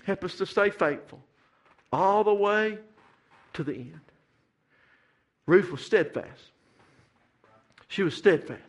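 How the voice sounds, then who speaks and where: A man's voice: high-pitched, animated, slow, long pauses. A middle-aged man preaching a sermon, building to fervent, repeated climaxes. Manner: rising to fervent shouted climaxes, repetitive preaching cadence. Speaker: pastor.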